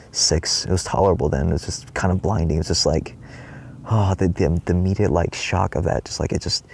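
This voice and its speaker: A man's voice: low-pitched, warm tone, husky. A man giving a rambling spiritual monologue in his trailer, swearing often and acting out his own past cries. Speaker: spiritual vlogger.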